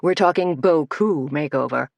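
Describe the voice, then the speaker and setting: A woman's voice: lowish voice, expressive, a little slow, no room sound. A woman narrator voicing a cooing, giddy male hair stylist.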